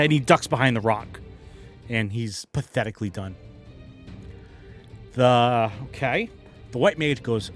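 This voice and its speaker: A man narrates a tabletop battle as game master, lively and quick to add sound effects. His voice sits at a middle pitch, with faint music in the background.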